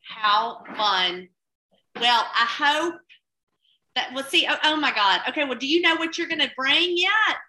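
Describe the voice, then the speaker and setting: Excitable woman in an echoey room. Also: high-pitched, unhurried. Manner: excitable, exclamatory, stumbling over words. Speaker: cookbook author. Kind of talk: casual chat.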